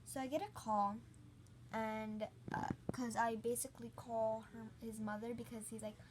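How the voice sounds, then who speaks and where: A woman's voice: a little high, fairly even intonation, normal speed, noisy background. A woman hosting a storytime channel, recounting a story in a rambling, casual way with lots of "like". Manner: rambling, heavy use of "like".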